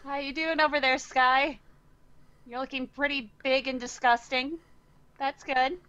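A woman's voice: sits high, steady tone, measured pace, sharp tone, highs cut off. A woman playing in a tabletop game, chatting playfully with the group. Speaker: player. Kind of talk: casual tabletop play.

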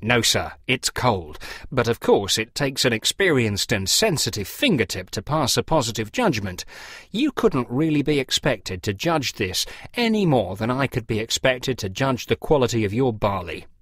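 A man's voice: medium pitch, big pitch swings, moderate pace, a bit bright, slightly rough, no echo, clean studio sound. A man voicing a fussy, pompous middle-aged clergyman who lectures in a precise, theatrical way. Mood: lecturing.

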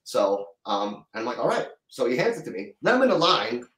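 Middle-aged male guest, rambling storyteller, average pitch, roomy sound. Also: sing-song, fairly bright tone, far from the mic. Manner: rambling, halting, with many restarts. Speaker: guest musician. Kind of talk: casual storytelling interview.

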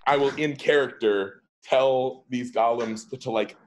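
A man's voice: medium pitch, measured pace, rough recording. A man playing a tabletop game who hesitates, fumbles his words and mocks himself. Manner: hesitant, fumbling, self-mocking. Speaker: player.

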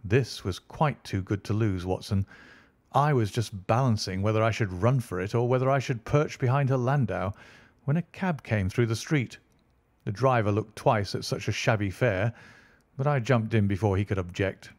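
Low-voiced man reading an audiobook. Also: moderate pace, darkish tone, no room sound. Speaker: audiobook narrator. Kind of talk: scripted audiobook narration.

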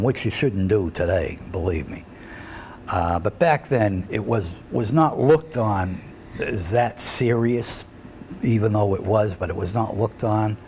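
A man's voice: fairly low pitch, darkish tone, a little hiss or hum. An older man, a retired wrestler telling rambling road stories in a shoot interview, full of fillers and chuckles.

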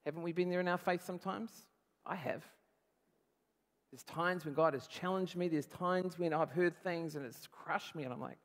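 A male pastor giving a conversational, animated sermon, acting out quotes as he goes. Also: fairly high pitch, moderate pace, big-room sound.

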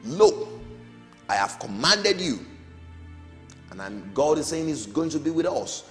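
A man's voice: a little high, big pitch swings, unhurried, fairly bright tone. A middle-aged man teaching a Sunday school Bible lesson, emphatic, with rising calls and falling amens. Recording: long hall reverb, faint music.

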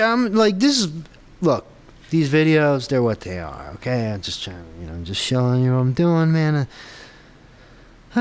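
A man testing his own app on camera, muttering to himself and rambling with frustrated, self-deprecating asides. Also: medium pitch. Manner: muttering, frustrated, talks to himself while debugging. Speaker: app developer vlogger. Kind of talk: casual screen-recorded tech vlog.

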